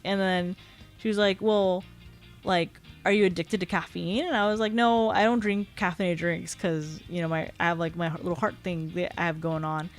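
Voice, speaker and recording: A woman's voice: mid-range voice, moderate pace, soft background music. A young woman streaming a casual chat, rambling and giggly, often apologizing and filling with "like" and "um".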